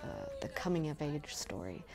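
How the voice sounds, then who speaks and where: A woman filmmaker talking about her documentary in a film festival interview, reflective and measured, pausing to search for words. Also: low-pitched, big pitch swings.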